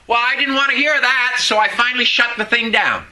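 A man's voice: very high-pitched, animated, normal speed, hardly any pauses, bright, forceful tone, poor audio. A man preaching a sermon, telling personal stories and drawing responses from the congregation. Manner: storytelling preacher with audience call-and-response. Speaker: pastor.

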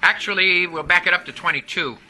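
A man's voice: sits high, brisk, bright, forceful tone, rough recording. A man preaching a sermon to a congregation, speaking emphatically and calling out for their responses.

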